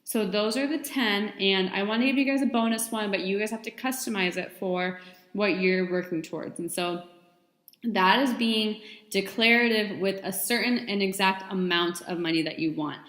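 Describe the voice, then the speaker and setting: A woman's voice: medium pitch, moderate pace, fairly bright tone. A woman in her twenties hosting a self-help podcast, talking in an earnest, chatty way full of "like" fillers. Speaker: podcast host. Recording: echoey room with long reverb.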